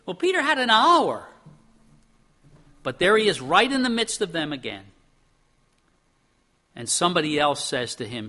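A man's voice: high voice, sing-song, moderate pace, pauses often, pushed and bright. A man from Pennsylvania preaching a sermon as a pastor, talking in a conversational way with rhetorical questions, acting out quotes and often repeating words as he restarts.

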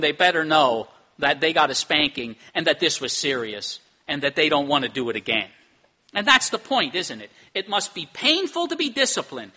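A man's voice: on the high side, pushed and bright. A middle-aged man preaching a sermon in a conversational way, often ending points with tag questions. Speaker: pastor.

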